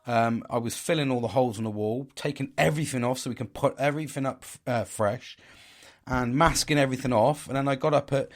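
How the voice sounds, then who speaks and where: A man's voice: medium pitch, a little fast. Blunt, rambling man who swears a lot. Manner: swears freely, rambling with restarts; candid, blunt and laughing at himself. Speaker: podcast host. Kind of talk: casual chat.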